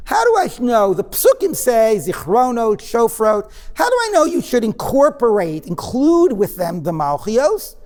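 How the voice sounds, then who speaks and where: A man's voice: very high voice, sing-song, a little slow, hardly any pauses, darkish tone. Man lecturing in an echoey hall. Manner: questioning the class, conversational with digressions and fillers. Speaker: rabbi teaching a class. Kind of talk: interactive text-study lecture.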